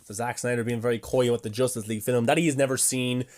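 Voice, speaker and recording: A man's voice: medium pitch, fairly even intonation, quick pace, a little mellow. A young man hosting a casual video, chatting enthusiastically as he reads out fan questions and comments on them. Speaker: host.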